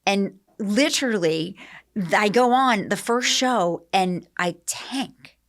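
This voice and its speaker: A middle-aged woman, a podcast guest, telling animated stories in a casual interview. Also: medium pitch, slow. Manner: animated storyteller, acts out quotes. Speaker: podcast guest, celebrity groomer.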